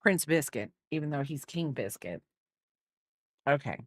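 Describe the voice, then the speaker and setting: A woman's voice: deep voice, lively intonation, unhurried, no room sound, clean studio sound. A woman crochet streamer chatting casually as she works, teasing and doting on her dog and rambling through half-finished sentences. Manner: rambling with restarts. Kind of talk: casual chat while crocheting.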